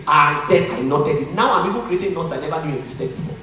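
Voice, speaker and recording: A man's voice: fairly high pitch, fast talker, pushed and bright. A man with a Nigerian accent giving a motivational conference talk, joking and earnest by turns, heard from a distance in a large hall. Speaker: conference speaker. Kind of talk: motivational talk to a live audience. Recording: echoey hall from far off.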